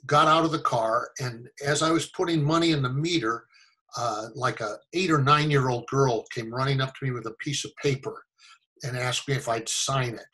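An older American actor telling stories in a casual interview, animated and fond of acting out the voices of people he quotes. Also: medium pitch, moderate pace, poor audio. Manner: animated storyteller, acts out quoted voices, chuckles often. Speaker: actor guest.

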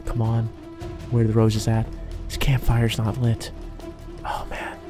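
A man's voice: medium pitch, completely flat delivery, measured pace, over music. A man giving live gameplay commentary, jittery and talking himself through each scare. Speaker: gaming YouTuber.

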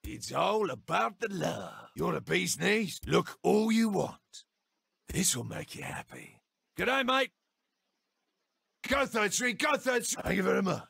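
Cocky british game boss, crude taunts, high gravelly voice, drawn out and slow. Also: male voice, very animated, fairly bright tone, no room sound, clean studio sound, exaggerated voice. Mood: taunting. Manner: mocking, crude, swaggering taunts. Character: cocky brash British male gang-boss president. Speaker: player character taunting. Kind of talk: video game voice acting.

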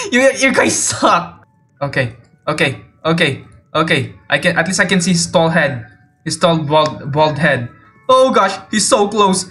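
A man giving jumpy, excitable gameplay commentary, teasing other players and often yelping and laughing. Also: high voice. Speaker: video game player. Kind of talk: let's play gameplay commentary.

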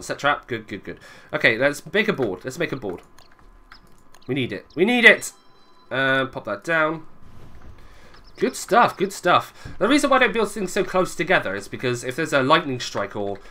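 A young man narrates his own gameplay in a loose, chatty stream of commentary. His voice is bright and ringing, and his pitch rises and falls a lot. He keeps muttering small asides to the people watching. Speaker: gaming video creator. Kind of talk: let's play commentary.

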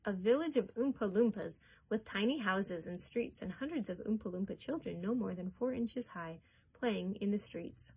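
A woman librarian reading a chapter book aloud in a gentle, expressive storytelling way. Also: medium pitch, normal speed, slightly rough, low-quality recording. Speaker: children's librarian.

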